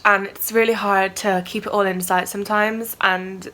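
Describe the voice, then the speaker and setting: A woman's voice: medium pitch, steady tone, normal speed, few pauses, fairly bright tone. A young woman in her twenties, talking candidly and rambling in a casual vlog, with many fillers. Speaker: writer vlogger.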